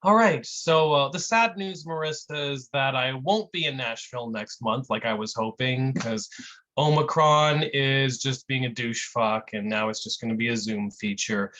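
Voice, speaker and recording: A featured poet chatting casually on a video call before a reading, relaxed and rambling. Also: medium pitch, normal speed. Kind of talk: casual chat.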